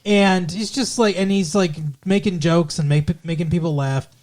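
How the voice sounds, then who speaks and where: A man co-hosting a podcast, recapping a TV show in casual chat with animated, profane ranting and lots of fillers. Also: sits high, moderate pace. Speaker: podcast co-host.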